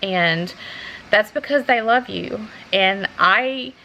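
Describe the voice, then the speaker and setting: Earnest gravelly woman vlogger. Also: mid-range voice, sharp tone, a little hiss or hum, poor audio. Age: adult. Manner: halting, earnest, with many restarts. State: emotional, close to tears. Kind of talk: unscripted personal talk to camera.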